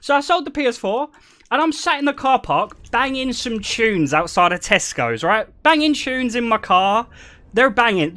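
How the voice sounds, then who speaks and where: A man's voice: very high voice, bright, forceful tone. A British man streaming, telling casual stories to his chat, joking, swearing freely and laughing often. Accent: British English. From Britain.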